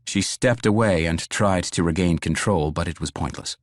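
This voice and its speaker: A man narrating an audiobook in a measured, even storytelling manner. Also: sits low, no echo.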